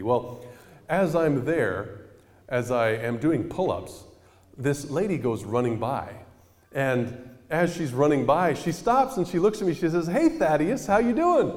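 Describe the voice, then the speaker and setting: A man preaching a storytelling sermon in a conversational, animated way, often tossing questions to the congregation. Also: mid-range voice, in a large hall.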